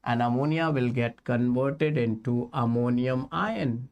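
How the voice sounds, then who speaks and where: A man with an Indian English accent teaching a chemistry lecture, explaining slowly and repeating key points while calling his students kids. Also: mid-range voice, darkish tone, dull audio. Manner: slow, repetitive explaining, addressing students as kids. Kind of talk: exam-prep lecture.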